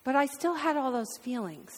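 A woman's voice: sits high, very animated, moderate pace. Heartfelt woman preaching in a reverberant church. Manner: heartfelt, speaks through tears at times. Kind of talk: sermon. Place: church sanctuary. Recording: long hall reverb.

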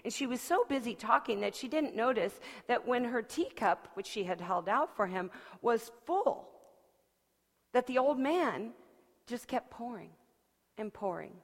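A woman preacher giving a sermon, telling a story expressively, her delivery moving between soft and lively. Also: on the high side, unhurried. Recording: long hall reverb.

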